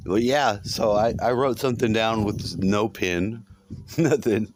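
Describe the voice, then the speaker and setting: Background noise accompanies a man with a fairly low voice as he unhurriedly recounts a long dream. The vlog monologue rambles, with frequent swearing and repetition.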